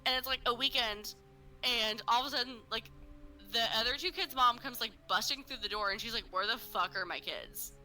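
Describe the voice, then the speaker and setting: A woman's voice: fairly high pitch, fairly quick, bright, forceful tone, soft background music, poor audio. A woman co-hosting a casual podcast, telling a story full of fillers and swearing and acting out what people said. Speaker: podcast co-host. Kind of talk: casual true-crime podcast chat.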